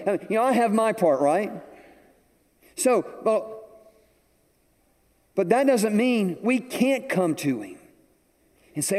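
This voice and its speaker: An older man preaching a sermon, telling a story with animated delivery to a congregation. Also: high-pitched, takes it slowly, pauses often. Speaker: pastor. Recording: echoey hall with long reverb.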